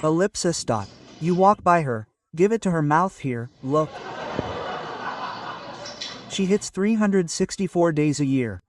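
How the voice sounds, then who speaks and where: A man from Northeast Brazil, telling animated stand-up stories about his childhood and constantly checking in with the crowd. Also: on the high side, measured pace, pauses often, far from the mic, noisy background. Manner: animated storytelling with frequent tag questions. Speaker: stand-up comedian. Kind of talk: stand-up comedy set. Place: stage in front of a live audience.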